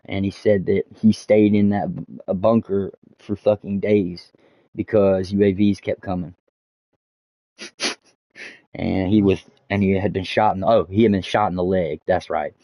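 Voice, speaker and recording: Deep-voiced man rambling a story. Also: level tone, unhurried, mellow, dry recording. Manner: rambling, many fillers and restarts, swears often. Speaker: streamer. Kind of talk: casual storytelling while gaming. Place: home streaming setup. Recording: dull dry lo-fi mic.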